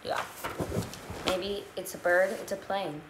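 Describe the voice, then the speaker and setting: A woman's voice: fairly low pitch, fairly even intonation, takes it slowly, echoey room, background noise. A woman co-hosting a storytime stream, chiming in with brief replies. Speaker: co-host.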